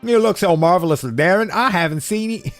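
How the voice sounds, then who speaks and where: A man voicing a pompous young male nobleman who flatters in an overblown, hammy yokel drawl. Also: high voice, a little fast, faint music behind, voice pushed up. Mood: fawning.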